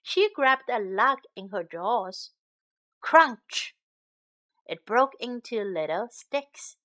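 A woman narrating a children's storybook for English learners, reading slowly, clearly and expressively. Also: mid-range voice, animated, fairly bright tone.

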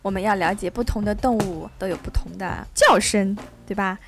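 A woman hosting a children's English reading show, reading a picture book aloud with a child in English and Chinese and stretching out her questions slowly to coax answers. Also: medium pitch, over music. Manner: switches between English and Chinese.

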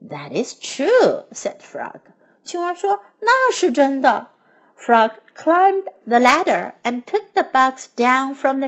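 A woman reading a children's storybook aloud line by line in two languages, then leading simple repetition drills in a gentle, sing-song way for small children. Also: high-pitched. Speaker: storyteller and English teacher for children.

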